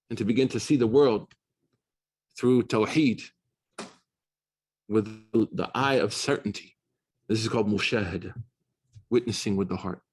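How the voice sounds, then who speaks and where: An American man giving a casual classroom lecture on religious texts, animated and slangy, switching into quick recitation. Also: medium pitch. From United States. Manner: fast, slangy, animated storytelling with Arabic recitation. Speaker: Islamic studies teacher. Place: university classroom.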